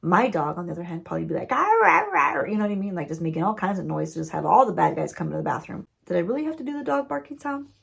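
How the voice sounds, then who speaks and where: A woman's voice: lowish voice, lively intonation, racing, creaky, few pauses, slightly rough. A woman, a beauty vlogger, recapping a TV show story-time style while doing her makeup, chatty and playful with asides to the viewers.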